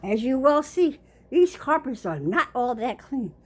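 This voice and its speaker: An older woman with a high voice talks slowly into a phone held in her hand, out of breath and insistent as she walks through her small kitchen. A faint room hum sits behind her. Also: sing-song, poor audio. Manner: insistent, keeps saying okay. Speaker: vlogger. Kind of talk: home video walkthrough. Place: small home kitchen, indoors.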